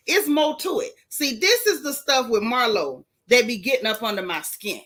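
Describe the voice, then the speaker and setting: A woman's voice: a little high, sing-song, normal speed, hardly any pauses, fairly bright tone. A woman hosting a casual live stream, chatting and greeting viewers by name with down-home slang.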